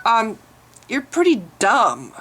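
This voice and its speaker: A woman's voice: a little high, huge pitch swings, takes it slowly, a bit bright. A woman vlogger talking straight to camera in a blunt, sarcastic rant, swearing freely. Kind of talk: response video rant.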